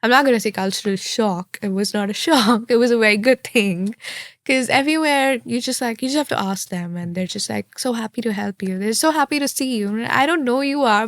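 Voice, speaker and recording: A woman's voice: fairly high pitch, moderate pace, dry recording, studio quality. A young woman from India, a law graduate, answering interview questions in a chatty, candid way and acting out her own thoughts in quotes.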